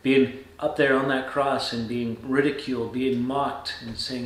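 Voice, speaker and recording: In a roomy-sounding recording, a male pastor reads a passage of scripture and reflects on it in a measured devotional way. His intonation is fairly even, and he often lowers his voice to a soft, low register.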